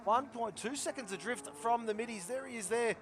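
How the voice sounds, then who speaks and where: A man commentating a sim racing league, chatty and repeating himself, his voice hoarse and giving out. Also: extremely high pitch, brisk. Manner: chatty, repeats phrases, calls drivers by nicknames. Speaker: race commentator.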